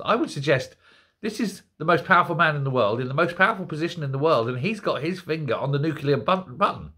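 An older man hosting an opinion commentary show, ranting in an animated, incredulous way. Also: a little high, fast, husky. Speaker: host.

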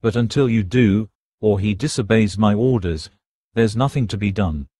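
An actor reading a commanding, impatient American officer in an audiobook. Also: male voice, lowish voice, normal speed, dark tone, no room sound, natural voice. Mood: stern. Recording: dry close studio recording.

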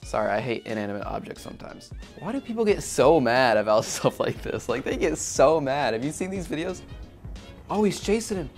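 A man riffs his way through a reaction video, his voice swinging up and down as he jokes and laughs at himself. His pitch sits in a middle range, and faint music plays softly underneath. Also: very animated, brisk. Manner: joking, self-mocking, laughs often. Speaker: YouTube host reacting to videos. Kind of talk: casual reaction commentary. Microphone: shotgun or lav mic.

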